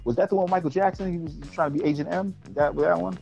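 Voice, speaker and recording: A man's voice: high-pitched, quick pace, creaky, muffled recording, music in the background. A man, co-hosting a podcast in casual chat, blunt and opinionated. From New York. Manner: blunt, opinionated, animated ranting. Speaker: podcast co-host.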